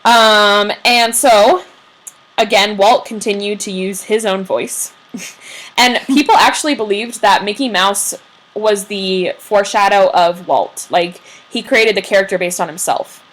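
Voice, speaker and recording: A woman's voice: mid-range voice, measured pace, fairly bright tone. A young woman co-hosting a podcast, chatting casually and telling a history story with lots of "um"s and acted-out quotes. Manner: chatty storyteller, many ums, acts out quotes.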